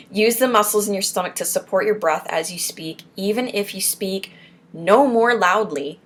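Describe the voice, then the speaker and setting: Slow-talking encouraging woman from Florida. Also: mid-range voice, a bit bright. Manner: encouraging, pep-talk asides between read points. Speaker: support group host. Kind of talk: reading and commenting on speech exercises.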